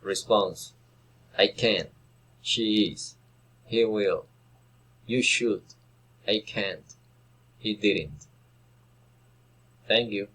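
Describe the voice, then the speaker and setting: A man whose first language is Spanish, reading English pronunciation drills aloud slowly and carefully as a language student. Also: lowish voice, fairly bright tone, rough recording. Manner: slow, careful, deliberate reading of word pairs and sentences.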